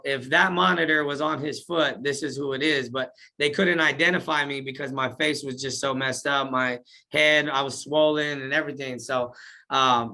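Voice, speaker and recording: A man recounting his life story in a casual interview, talking in slang and acting out what he said back then. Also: mid-range voice. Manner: animated, slangy, acts out his own past words.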